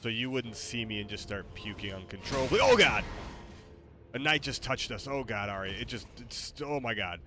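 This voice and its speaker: Brief: low, bright male streamer, panicky and jokey while gaming. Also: a little fast, hardly any pauses, a little hiss or hum. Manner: panicky, exclaiming, joking. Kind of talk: casual game commentary.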